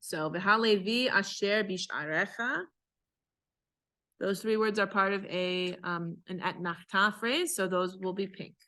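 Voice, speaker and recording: A woman cantor with a bright, ringing voice leads a class in a synagogue. She explains each chanted phrase in a patient, conversational way. Then she sings the phrase slowly as an example. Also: mid-range voice. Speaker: cantor teaching Torah chanting.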